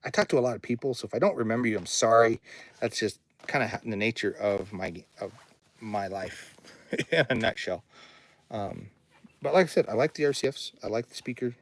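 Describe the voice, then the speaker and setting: Male studio owner, casual livestream host, slightly low voice, rambling chat, reads chat comments aloud. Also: a little fast. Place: home recording studio.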